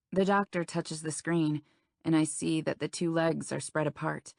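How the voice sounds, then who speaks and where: Romance audiobook narrator, young woman, low and gravelly, intimate first-person read. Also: flat delivery, moderate pace, darkish tone, no echo, clean studio sound. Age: young adult.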